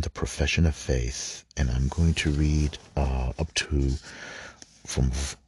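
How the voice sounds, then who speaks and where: Man, Bible study host, husky voice, slow halting reading. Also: rumbling low. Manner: halting, many fillers and restarts while reading. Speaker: podcast host.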